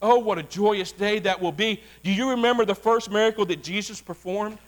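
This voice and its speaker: A man preaching a sermon as a Baptist pastor, animated and folksy, calling out to his congregation. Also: high-pitched, brisk.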